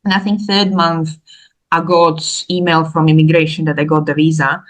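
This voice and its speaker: A woman's voice: sits low, normal speed, low-quality recording. A woman, a podcast guest telling her story casually and animatedly, laughing often. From Slovakia. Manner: animated, laughs often, acts out quoted voices.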